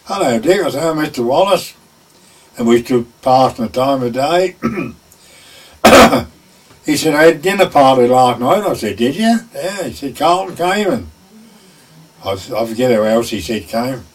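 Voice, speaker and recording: A man's voice: medium pitch, animated, unhurried, pauses often, slight background noise. An older man, a former gamekeeper, telling a folksy anecdote and acting out the voices of the people in it. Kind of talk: oral history storytelling. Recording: voice picked up from a distance.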